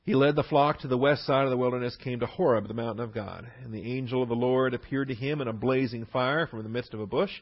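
A man's voice: medium pitch, fairly even intonation, fast, few pauses, dull audio. A man teaching through a Bible passage verse by verse, leaning hard on key words between fillers and restarts.

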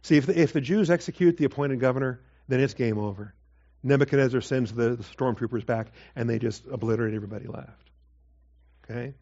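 A man giving a conversational verse-by-verse Bible teaching, with asides and quick acted quotes. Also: medium pitch, warm tone, highs cut off.

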